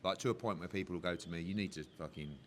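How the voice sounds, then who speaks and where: A man who works as a boxing promoter, talking candidly in a casual interview, animated and swearing freely as he tells stories. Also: deep voice, racing, a little hiss or hum. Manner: animated, heavy swearing, emotional storytelling.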